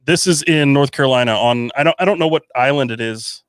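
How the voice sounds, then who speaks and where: A man's voice: mid-range voice, fairly quick, slight background noise. A man co-hosting a podcast, chatting casually and tending to mumble. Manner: mumbling, relaxed. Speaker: podcast co-host. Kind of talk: casual chat.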